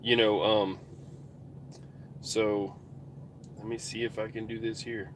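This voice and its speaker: A man's voice: fairly low pitch, level tone, takes it slowly, a bit bright. Brief: folksy, rambling man chatting to viewers from a truck, faint engine hum. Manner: rambling, self-interrupting, folksy. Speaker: vlogger. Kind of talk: casual rambling chat.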